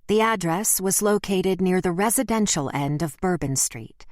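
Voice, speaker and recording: Brief: woman audiobook narrator, lowish voice, steady reading, dry close mic. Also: dry recording. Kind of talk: scripted narration.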